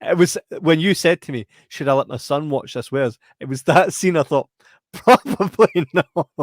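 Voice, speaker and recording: A man's voice: a little high, moderate pace, dry recording, studio quality. A Scottish man co-hosting a podcast, chatting casually about a film, laughing and acting out scenes with squeals and sound effects. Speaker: podcast co-host.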